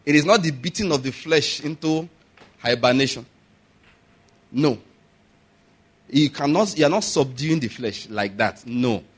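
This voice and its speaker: With a Nigerian accent and a somewhat high voice that's slightly raised, a man preaches to his congregation. He's lively, laughs a lot and checks in with them again and again through rhetorical questions.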